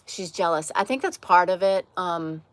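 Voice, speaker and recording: A woman with a slight Southern accent and a lowish voice hosts a casual livestream chat outdoors on a porch. She speaks frankly and answers viewer comments, often stopping to restart a sentence. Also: expressive, normal speed, no room sound. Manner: candid, frank, with frequent restarts and trailing phrases. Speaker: livestream host.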